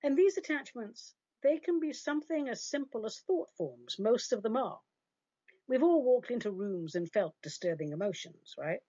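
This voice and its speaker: A woman's voice: on the high side, lively intonation, normal speed, dark tone, breathy edge, no echo, dull audio. A woman hosting a radio advice show, answering listener questions in a chatty, emphatic and opinionated way.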